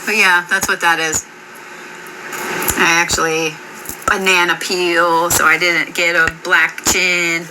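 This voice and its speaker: A woman's voice: on the low side, flat delivery, slow pace, long pauses, background noise. A middle-aged woman vlogging in a casual chat, rambling, swearing freely and laughing often.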